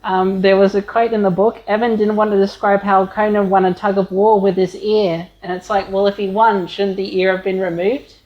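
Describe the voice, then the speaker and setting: Female podcast co-host, mid pitch, dry short remarks, dull recording. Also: level tone, normal speed, few pauses. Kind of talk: casual podcast chat. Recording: dull lo-fi sound.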